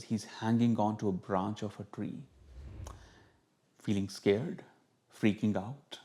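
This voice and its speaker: A man, a spiritual teacher telling a story calmly to camera and acting out the inner dialogue of its characters. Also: lowish voice.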